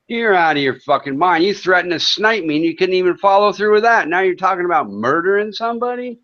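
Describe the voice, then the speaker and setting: A man's voice: high voice, expressive, quick pace, few pauses, a bit bright. A man hosting a livestream, ranting at chat trolls in a profane, taunting, sarcastic way. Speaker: livestream host. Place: home in Thailand. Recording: dull lo-fi stream audio.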